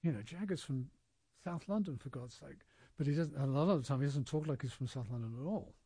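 A man's voice: a little high, a little fast, mellow, husky, dry recording. A man hosting a casual radio talk show with guests, speaking thoughtfully with many fillers and restarts. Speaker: radio host.

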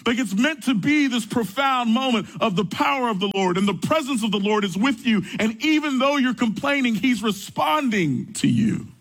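A young adult man preaching a sermon, telling stories with animated energy. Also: normal speed, few pauses, rough recording. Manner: animated storytelling, rising high when excited. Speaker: pastor.

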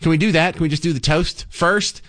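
A man hosting a talk radio show, speaking casually in a joking, animated way with frequent restarts, into a studio microphone. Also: a little high, a little fast. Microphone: studio broadcast mic.

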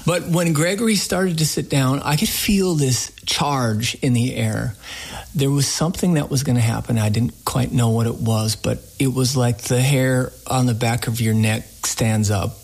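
A man with a gravelly, creaky voice recounts anecdotes from his radio folk program. His telling is folksy and rambling, the easy talk of a host being interviewed about his work. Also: mid-range voice, moderate pace, a little mellow, poor audio.

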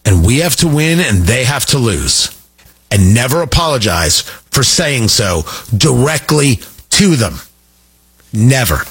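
A man's voice: medium pitch, sing-song, a little slow, fairly bright tone, breathy edge, faint music behind. A man hosting a political talk radio show, delivering an emphatic, sarcastic monologue.

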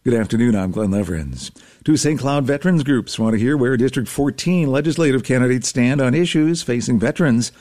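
A man reading local radio news in a steady, measured scripted delivery. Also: medium pitch.

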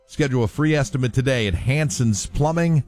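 A man's voice: medium pitch, fairly quick, darkish tone, faint music behind. A man hosting a morning radio show in a casual, chatty way, sometimes stopping to correct himself on how a word is said. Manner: chatty, self-correcting on pronunciations. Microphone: studio microphone.

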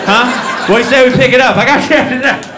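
A man voicing an impatient male race-car driver who yells sarcastically, in a live stand-up recording with background noise. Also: very high-pitched, fast talker, roomy sound, crowd noise, voice pushed up. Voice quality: loud, shouting, sarcastic.

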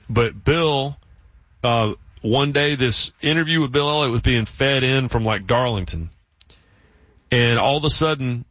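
A middle-aged Southern man from South Carolina hosts a sports radio show, swapping stories in a loose, animated way. His voice is bright and a little husky, recorded dry and close. The sound is slightly dull, like a radio feed. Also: no echo. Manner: animated, jumps into high voices to mimic coworkers. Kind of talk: casual radio chat, storytelling.

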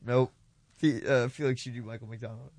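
A man in a relaxed chat with friends keeps the game moving. He pushes the others with quick prompts and laughs freely, in an everyday mid-pitched voice. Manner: pushy, laughing, rapid-fire prompts. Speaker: game leader calling out impressions. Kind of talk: casual chat among friends.

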